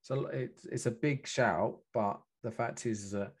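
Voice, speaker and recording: A man's voice: medium pitch, measured pace, slightly rough. A man co-hosting a football podcast, reasoning through his views in casual chat.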